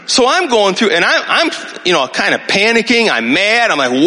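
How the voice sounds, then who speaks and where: A man in his sixties gives a sermon, telling his story with lively swings in pitch and checking that listeners follow him. His voice is bright and forceful. A long reverb hangs on every phrase, as in a large hall. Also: moderate pace. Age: 60s. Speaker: pastor.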